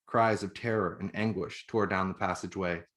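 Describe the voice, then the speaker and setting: A man, the author, reading his own novel aloud in measured, even narration. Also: low voice.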